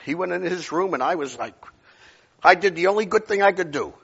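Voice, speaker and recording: A man preaching with a husky, slightly high voice. His pitch jumps all over as he tells stories, shifting from loud bursts to near whispers. The sound is dull and lo-fi, like an old church recording. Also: a little fast. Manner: animated storytelling, swings from loud outbursts to near whispers. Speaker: pastor. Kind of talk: sermon.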